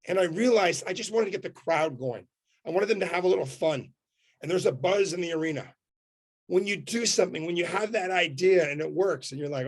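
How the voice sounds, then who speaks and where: Man, from Canada, motivational speaker, punchy short sentences, high voice, video call. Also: moderate pace. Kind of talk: energetic storytelling talk.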